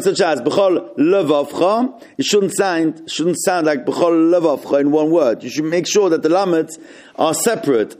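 A man leading a group text study, reading passages aloud slowly and then explaining them and puzzling over them. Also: sits high, darkish tone.

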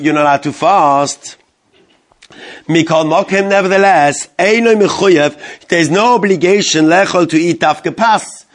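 Guy a high voice teaching halacha to a class, translating the hebrew as he goes, lots of questions to the room. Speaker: Torah teacher. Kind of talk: Talmudic-style halacha class.

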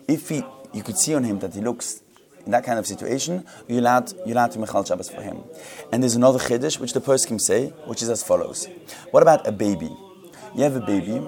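A man's voice: mid-range voice, darkish tone. A man giving a Jewish law lesson with Ashkenazi Hebrew pronunciation, often restarting words and asking rhetorical questions. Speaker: Torah teacher. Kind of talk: halacha class lecture.

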